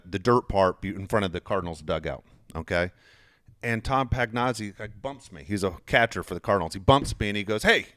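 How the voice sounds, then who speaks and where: This podcast host, a fifty-something man with a background in sports media, tells relaxed, profanity-heavy stories in a lowish, clear, resonant voice. The studio-quality recording has no room sound, and he turns loud and animated when acting out quarrels.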